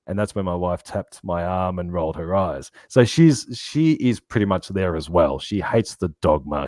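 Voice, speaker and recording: Deep-voiced Australian man, laid-back. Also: darkish tone, no echo, clean studio sound. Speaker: interview guest. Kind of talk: casual interview chat.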